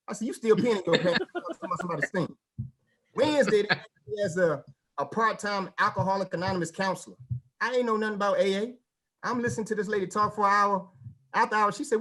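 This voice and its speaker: Male stand-up comic, high voice, animated storytelling, vernacular delivery. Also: fast, breathy edge. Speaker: stand-up comedian. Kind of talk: stand-up comedy set.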